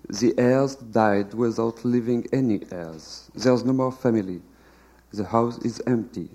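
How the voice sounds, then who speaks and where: A man's voice: mid-range voice, measured pace, dark tone. A man reading the lines of a gloomy male detective in a plaintive voice. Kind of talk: literary reading of a novel translation.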